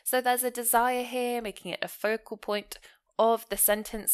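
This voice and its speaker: A woman teaching a grammar lesson. She explains points clearly and leans hard on key words, often. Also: on the high side, normal speed. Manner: explanatory, stressing key words with lively rises and falls. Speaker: English teacher.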